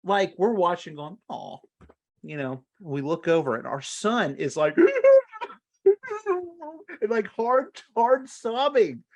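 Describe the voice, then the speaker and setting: A man in his thirties, co-hosting a casual podcast chat, telling stories with frequent laughs. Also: slow pace. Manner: animated storyteller, laughs often, big pitch swings. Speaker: co-host.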